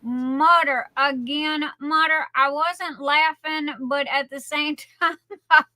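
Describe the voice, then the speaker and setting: Folksy high-voiced woman. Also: steady tone, takes it slowly, pushed and bright, dry recording. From Louisiana, USA. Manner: chatty and folksy, playful greetings, trailing fillers. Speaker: livestream host. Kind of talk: casual live-stream chat, greeting viewers by name.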